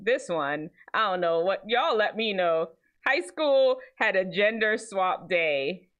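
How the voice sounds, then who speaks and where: A woman's voice: medium pitch, slow. A woman hosting a casual show, chatting to viewers about viral clips. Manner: chatty, animated, talks to viewers as y'all. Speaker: host of a reaction show.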